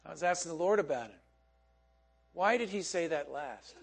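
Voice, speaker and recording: A man with a high voice preaches a sermon in a loose, conversational way. He puts questions to the congregation and laughs often as he talks. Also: lively intonation, normal speed, gravelly.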